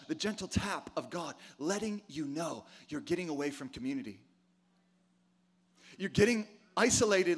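Man, middle-aged, pastor, sermon, high-pitched, emphatic, call-and-response. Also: a bit bright. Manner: emphatic, rhetorical questions, call-and-response with the congregation.

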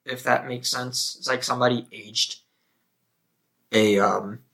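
A man's voice: mid-range voice, fairly even intonation, a little slow, vocal fry, fairly bright tone. A man co-hosting a casual album review podcast, joking and crude as he talks about the music. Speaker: podcast co-host.

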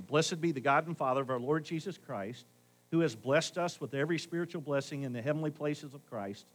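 Middle-aged male pastor, slightly high voice, conversational sermon, swings from loud to hushed. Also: poor audio. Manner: conversational preaching, shifts between loud emphasis and hushed asides.

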